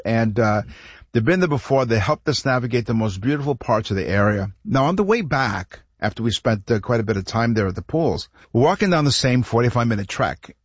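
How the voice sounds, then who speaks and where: A man's voice: medium pitch, husky, dry recording, dull audio. A Canadian man co-hosting a radio talk show, telling a travel story in a rambling way, repeating words and chuckling as he goes. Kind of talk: casual radio chat, storytelling.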